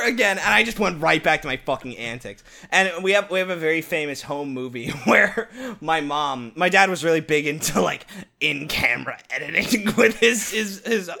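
A young man talks on a podcast in a loose, animated way. His voice is bright and a little high, with a pitch that leaps around as he swears and laughs through stories. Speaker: podcast co-host. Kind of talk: casual podcast chat.

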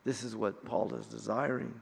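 A middle-aged man teaching an in-depth Bible study, speaking in a measured, emphatic way with pauses and occasional fillers. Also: lowish voice, steady tone, creaky, slightly rough. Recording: long reverb in a hall.

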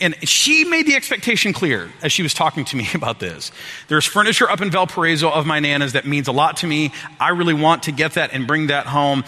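A man's voice: medium pitch, bright, forceful tone. A man telling a personal story to an audience in a sermon-style talk, acting out his own quotes with self-deprecating humor. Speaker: speaker addressing an audience. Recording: long hall reverb.

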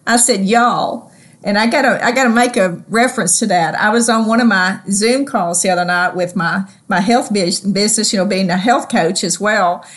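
A woman with a Southern accent co-hosting a ministry podcast, chatty and quick to laugh. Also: mid-range voice, fairly bright tone. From Southern United States. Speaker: podcast co-host. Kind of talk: casual ministry podcast chat.

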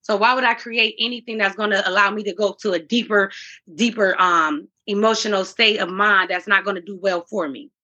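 A woman's voice, bright and edged with a husky breathiness, sitting slightly high. She talks as a guest in an earnest, faith-driven way, restarting her sentences as she goes. The audio is dull and lo-fi. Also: steady tone, brisk. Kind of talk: candid conversational interview.

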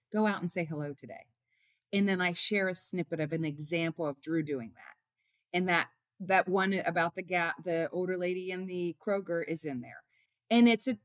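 A woman's voice: on the low side, no room sound, clean studio sound. A woman being interviewed as an author and mother, earnestly telling stories and acting out what people said. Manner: earnest, tells stories with quoted dialogue. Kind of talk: heartfelt storytelling in an interview.

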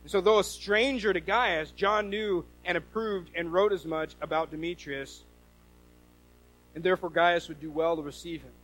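Animated high-voiced male preacher. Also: normal speed, low-quality recording. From US Northwest. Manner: animated storytelling with quoted voices. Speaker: pastor. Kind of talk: sermon.

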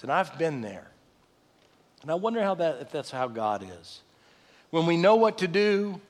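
A middle-aged pastor preaches a sermon in a relaxed, storytelling way. His voice sits a bit high for a man and swings from quiet to loud bursts. A long reverb trails each phrase, as in a big church hall. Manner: conversational storytelling with laughs and sudden loud bursts.

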